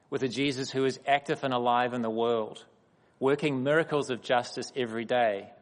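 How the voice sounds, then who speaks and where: A man giving a sermon in a measured, emphatic way, pausing deliberately between phrases. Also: mid-range voice. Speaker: guest speaker at a church. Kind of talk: sermon with personal stories. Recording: long reverb of a hall.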